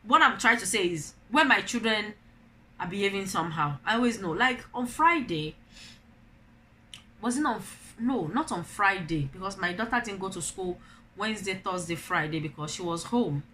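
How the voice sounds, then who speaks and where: A woman's voice: mid-range voice, expressive, normal speed, pushed and bright, a little hiss or hum. A middle-aged Nigerian woman and mother, talking to camera in an opinion vlog, telling stories animatedly and asking rhetorical questions. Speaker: vlogger, mother.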